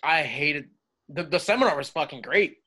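A man, a wrestler guest on a podcast, telling stories casually with animated, profane energy. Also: fairly high pitch, normal speed. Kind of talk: casual interview storytelling.

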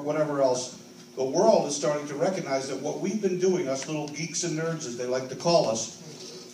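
This older man's voice is on the high side and a little mellow as he accepts an award with gratitude and sincerity, climbing toward emphatic moments. The banquet hall is large, so the far-off mic captures roomy echo and ambience, with slight background noise.

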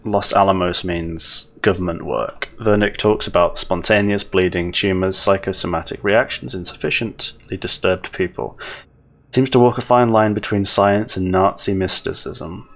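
A man's voice: low voice, moderate pace. A man casually commenting on a horror game he plays, joking and sarcastic while reading notes aloud. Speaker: let's play host.

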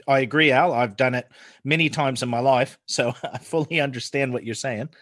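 A man in his forties from the United States with an American accent softened by New Zealand, chatting casually as a podcast guest and laughing often. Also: medium pitch, moderate pace, no echo, studio quality. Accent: American with New Zealand influence. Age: 40s. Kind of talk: casual chat.

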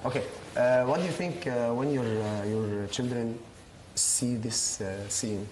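A man with an Egyptian accent and Arabic as his first language, hosting a TV prank show and asking questions in halting, playful broken English. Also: medium pitch, darkish tone, slight background noise. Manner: halting, repeats words, teasing.

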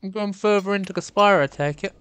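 A woman's voice: medium pitch, a little fast, a bit bright, clear, resonant tone. A woman streamer giving playful, profane, casual commentary while playing a game.

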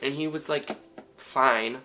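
A man hosting a reaction video, talking back to the screen in excitable, casual commentary. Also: mid-range voice, slow pace, soft background music, low-quality recording.

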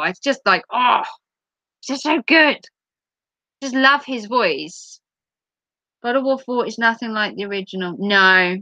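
A woman's voice: a little high, sharp tone, dry recording. A woman hosting a live stream, reading out viewer comments in a giggly, playful chat. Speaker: livestream host.

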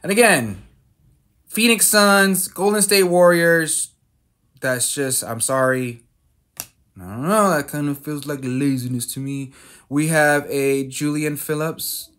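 A man hosts his own card-opening video at an unhurried, drawn-out pace. He reads out each player's name in turn and tosses in wry, self-mocking jokes, with plenty of fillers and restarts in his casual chat. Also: fairly high pitch, a bit bright. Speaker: card-collecting channel host.

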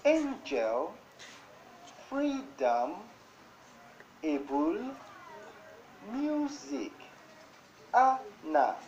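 Nigerian woman teacher reading word lists super slow, pitch jumping around, dull lo-fi tv audio with a faint hiss. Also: darkish tone. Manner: slow, deliberate word-by-word dictation. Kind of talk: broadcast classroom lesson.

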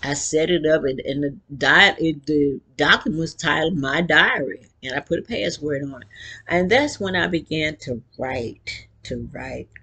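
A woman's voice: low voice, measured pace, creaky, pushed and bright, breathy edge. A woman in her sixties telling her own life story in a frank, earthy, conversational way. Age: 60s. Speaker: vlogger and author. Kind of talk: casual personal storytelling.

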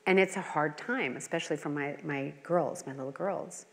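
A woman's voice: low voice, normal speed. Earnest middle-aged woman leading Bible study. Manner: earnest, with personal asides and rhetorical questions. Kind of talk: conversational Bible teaching. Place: church hall. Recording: long hall reverb.

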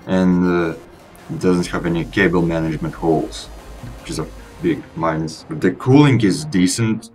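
A young man whose first language is Russian, giving a relaxed, rambling voice-over review of his gaming PC over gameplay, with casual restarts. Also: low voice. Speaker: PC gaming channel host.

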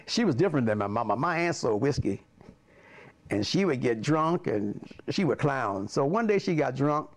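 An older man from Alabama, a pastor telling stories from his childhood in an animated way, often chuckling. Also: fairly high pitch. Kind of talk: personal storytelling.

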